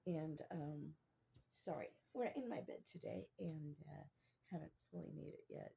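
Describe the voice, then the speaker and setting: A woman's voice: sits low, measured pace, creaky, warm tone, slight background noise. A woman vlogger telling a rambling, chatty anecdote from her bed in a casual storytelling style. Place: in her bedroom, sitting in bed.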